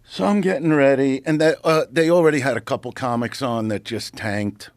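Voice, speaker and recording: A middle-aged man, a comedian telling a story as a podcast guest in a brash, profane, animated way, acting out what people said. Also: medium pitch, moderate pace, dry recording, clean studio sound. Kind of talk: casual storytelling.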